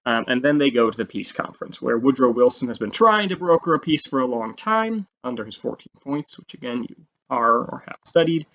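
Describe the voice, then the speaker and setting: A man teaching a history lesson in a casual, animated way, often saying "um" and acting out quotes. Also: mid-range voice, brisk. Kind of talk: explaining a history lecture. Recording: slightly dull lo-fi audio.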